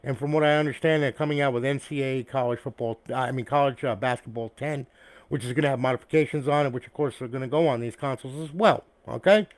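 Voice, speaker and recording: A man's voice: medium pitch, fast, no room sound. A man who builds custom consoles, talking casually to camera in a rambling way, tagging "okay?" and "all right?" onto nearly every point, blunt and profane and chummy with his viewers, recorded on an external mic. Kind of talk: casual talk to camera about a finished build. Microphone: external mic, replacing the camera's built-in one.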